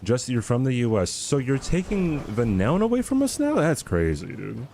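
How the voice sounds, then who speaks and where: A man streaming a game, chatting casually with his viewers in an animated, argumentative, rambling way, swearing freely. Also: mid-range voice, moderate pace, gravelly, slight background noise. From United States.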